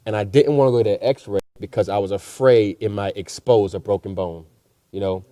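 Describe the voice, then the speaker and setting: A man's voice: on the low side, fairly quick, dark tone, no echo. A man speaking as a panelist in a discussion, earnest and encouraging, with many repeated words.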